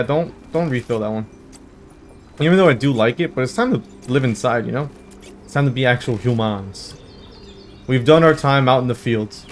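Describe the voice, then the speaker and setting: Joking young man rambling over game music. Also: mid-range voice. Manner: rambling, jokey, animated with sudden loud bursts. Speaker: gaming channel host. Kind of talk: casual storytelling over gameplay. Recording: faint background music.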